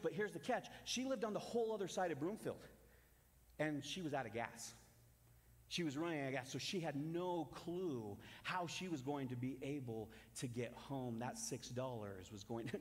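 A young man in his twenties preaching a sermon, telling a personal story earnestly with self-deprecating asides. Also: mid-range voice. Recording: long hall reverb.

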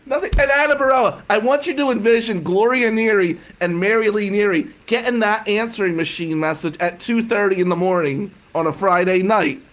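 A man telling a comic personal story, animated, cursing and laughing often. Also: high-pitched, brisk, hardly any pauses.

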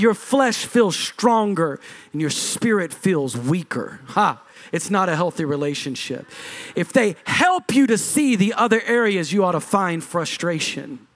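Pastor guy preaching, pretty high voice, hammers points over and over, gets loud then drops low. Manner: preachy, punchy repetition, shifts pitch and loudness for emphasis. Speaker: lead pastor. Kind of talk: sermon.

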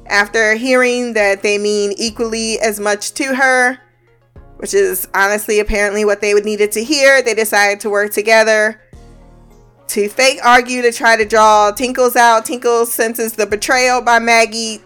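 A woman's voice: fairly high pitch, steady tone, measured pace, a bit bright, smooth, soft background music. A woman giving a casual recap of a TV episode, blunt and profane with a joking edge.

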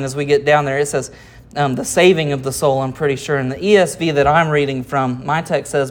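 A pastor preaching an expository sermon, reading scripture aloud and explaining it, often asking rhetorical questions. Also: medium pitch. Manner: reads scripture aloud and comments verse by verse.

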